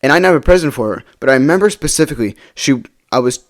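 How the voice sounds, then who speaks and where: Racing along with lively intonation, a young man with a mid-range voice tells a personal story for his casual vlog. He rambles, using many fillers and often tossing in "right?" to check in with the listener.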